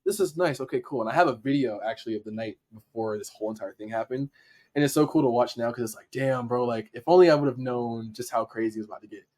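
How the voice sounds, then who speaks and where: Animated young man telling a story. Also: mid-range voice, quick pace. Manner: animated, acts out what people said, swears casually. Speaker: podcast guest, dancer and editor. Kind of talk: casual storytelling.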